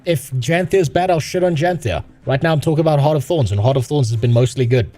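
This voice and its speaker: A man's voice: fairly high pitch, fast talker, warm tone, faint music behind. A man ranting on a live stream about a game, profane and sarcastic. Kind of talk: casual live-stream rant.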